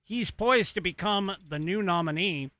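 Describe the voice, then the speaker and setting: A man's voice: sits high, normal speed, sharp tone, no echo. A man hosting a political talk show, rambling and exasperated, with sarcastic asides and an American accent. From United States. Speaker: podcast host. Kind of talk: casual political commentary.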